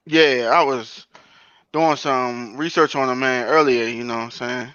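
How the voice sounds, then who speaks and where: A man's voice: mid-range voice, steady tone, a little slow, bright, forceful tone, clear, resonant tone, no room sound, dull audio. A man co-hosting a casual podcast chat, talking earnestly and explaining at length.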